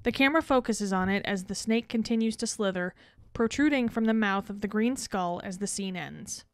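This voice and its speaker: A woman co-hosting a podcast, reading out a scene summary with a dry, deadpan edge. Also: medium pitch, normal speed, smooth, dry recording. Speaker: podcast co-host.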